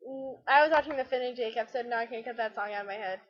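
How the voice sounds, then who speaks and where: A chatty woman with a high, light voice talks loosely through her gameplay and wanders from thought to thought with self-deprecating asides. The audio is slightly muffled and lo-fi. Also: racing. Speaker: let's play gamer. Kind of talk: casual gameplay commentary.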